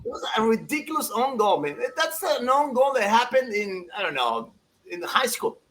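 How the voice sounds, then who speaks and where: A man, chatting casually as a soccer pundit, animated and laughing as he acts out quotes. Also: extremely high pitch, moderate pace, slight background noise, rough recording. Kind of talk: casual podcast chat.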